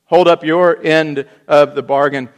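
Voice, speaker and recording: A male pastor voicing an indignant churchgoer man who loudly pleads with God and lists his good deeds, speaking in a middle-pitched voice. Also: expressive, drawn-out words. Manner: loud, pleading, aggrieved.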